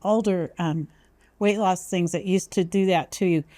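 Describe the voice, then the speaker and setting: A woman's voice: lowish voice, normal speed, mellow, dry recording. A woman hosting a health podcast, asking questions in a casual, hesitant way with many fillers. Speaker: podcast host. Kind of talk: casual interview talk.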